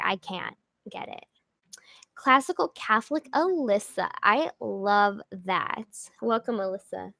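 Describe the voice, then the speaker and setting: A woman's voice: medium pitch, creaky, fairly bright tone, no echo. A young woman hosting a casual livestream, chatting and rambling with jokey asides as she reads viewer comments. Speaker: livestream host.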